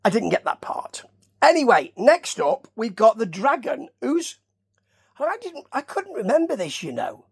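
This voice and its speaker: With a very high, husky voice marked by vocal fry and wildly swooping pitch, a Nottingham man takes his time reviewing old wrestling. He meanders through asides and keeps quizzing the listener in a relaxed, chatty ramble.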